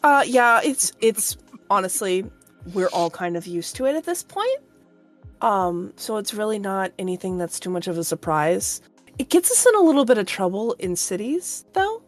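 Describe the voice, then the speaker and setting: A woman's voice: medium pitch, very animated, normal speed, faint music behind, close to an everyday voice. A woman doing a weary caravan woman. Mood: resigned. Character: weary caravan leader woman, patient daughter.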